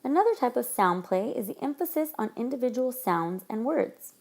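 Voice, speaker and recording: A woman teacher narrating a recorded lesson, explaining things clearly to her students. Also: a little high, animated, moderate pace, a little mellow. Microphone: tablet microphone.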